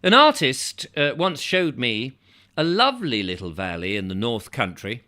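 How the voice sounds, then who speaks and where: A man's voice: mid-range voice, moderate pace. A man reading an old travel book aloud, breaking off now and then for casual, joking asides. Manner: lively reading broken by chatty, joking asides. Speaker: audiobook reader. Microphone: close microphone, near overload.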